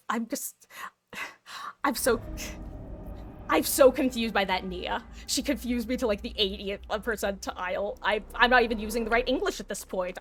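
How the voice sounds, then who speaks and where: Bright-voiced young woman streaming a game. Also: a little high, a little hiss or hum. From New Jersey. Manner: rambling, giggly, self-deprecating, many restarts. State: short of breath. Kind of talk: casual live-stream commentary while playing.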